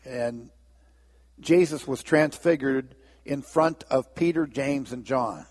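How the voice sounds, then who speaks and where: A man preaching a sermon as pastor, telling a story and acting out the characters' lines in lively voices. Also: medium pitch, slow, long reverb tail. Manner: storytelling, acts out biblical dialogue with lively voices.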